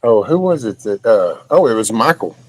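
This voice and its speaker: A man's voice: fairly low pitch, big pitch swings, normal speed, a little mellow, no room sound, poor audio. Blunt folksy older man, dry sound. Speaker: live-stream host. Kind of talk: casual live-stream chat reading comments.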